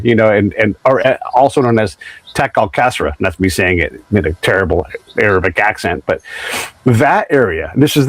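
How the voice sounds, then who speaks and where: A man's voice: medium pitch, no echo, low-quality recording. An American man hosts an interview and tells long, winding stories, restarting sentences and acting out what others said. His voice sits in a medium range, and the recording is dry and close. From United States. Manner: rambling storyteller, many restarts, acts out quotes. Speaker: podcast host. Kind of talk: conversational interview.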